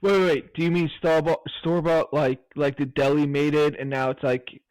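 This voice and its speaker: A man's voice: fairly high pitch, level tone, fairly quick, a little mellow, dry recording, poor audio. A slightly drunk man co-hosting a podcast, joking and teasing in casual chat. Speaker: podcast co-host.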